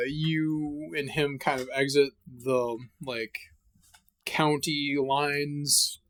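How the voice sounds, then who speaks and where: An offhand game master talks through a horror tabletop session at an ordinary middle pitch, stopping and restarting often and stumbling through fillers. Now and then a casual curse slips in. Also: a bit bright. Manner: halting, many fillers, casual swearing.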